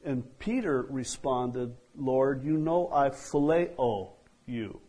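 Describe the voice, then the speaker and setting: A man preaching at an unhurried, drawn-out pace, his voice mellow and a little husky. He acts out quoted dialogue and often lets his sentences fade away quietly. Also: medium pitch, lively intonation, poor audio. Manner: slow, deliberate preaching, acting out quoted dialogue, trailing off softly. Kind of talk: sermon.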